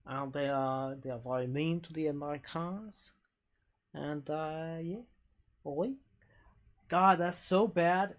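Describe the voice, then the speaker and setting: A man streaming live, chatting casually with viewers in a halting, self-deprecating, rambling way. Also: a little high, steady tone.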